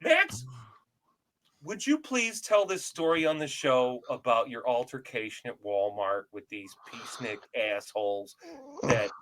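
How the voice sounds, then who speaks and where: A man hosting a casual podcast chat, brash, loud and profane. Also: mid-range voice, expressive, moderate pace. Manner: brash, loud, profane, self-described big personality. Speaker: podcast host.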